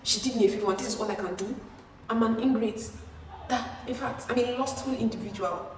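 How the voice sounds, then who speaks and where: A woman voicing a furious young female roommate who shouts accusations. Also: on the high side, brisk, roomy sound, long reverb tail, far from the mic, a little hiss or hum, close to an everyday voice. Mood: angry.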